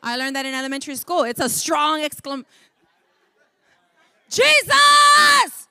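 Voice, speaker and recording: High, fervent woman preaching. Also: fairly even intonation, fast, no room sound, a faint crowd. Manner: fervent preaching, swings from soft to shouting. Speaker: pastor. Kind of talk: sermon.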